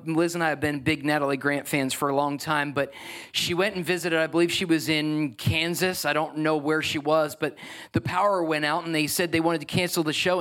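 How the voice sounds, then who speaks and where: A man's voice: a little high, a bit bright. A man, a pastor, preaching a sermon to his congregation in church, earnest and emphatic, often restarting his sentences. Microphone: handheld or stage microphone.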